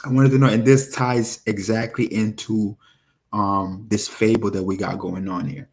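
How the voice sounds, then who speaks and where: A man giving casual scripture commentary to his viewers, animated and rambling, talking straight to them. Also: fairly low pitch, moderate pace, slight background noise. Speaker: religious video preacher.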